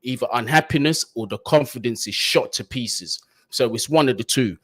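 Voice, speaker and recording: A young man, co-hosting a casual live football chat, full of slang and climbing high in pitch when worked up. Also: normal speed, fairly bright tone, breathy edge. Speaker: football podcast co-host.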